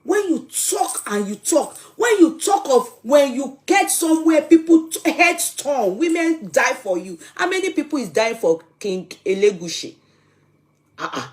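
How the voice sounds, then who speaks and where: Animated Nigerian woman, fairly high voice. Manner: animated, dramatic, argues with viewers. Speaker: gossip channel host. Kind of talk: live chat commentary.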